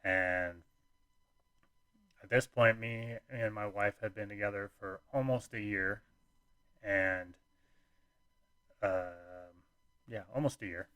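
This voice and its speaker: Laid-back young man, low dry voice. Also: takes it slowly, pauses often, bright, forceful tone, no echo. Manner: rambling, laid-back, frequent fillers and restarts. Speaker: podcast host. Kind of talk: casual personal storytelling.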